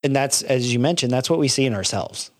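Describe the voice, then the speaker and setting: A man's voice: mid-range voice, lively intonation, a little fast, no echo. Earnest reflective man, dry sound. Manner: earnest, reflective, many restarts. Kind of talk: casual faith-based film discussion.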